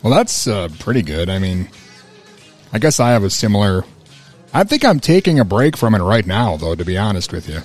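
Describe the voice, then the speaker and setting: A man's voice: lowish voice, very animated, brisk, a little mellow, soft background music. A man co-hosting a casual podcast, making dry, wry remarks. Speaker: podcast co-host.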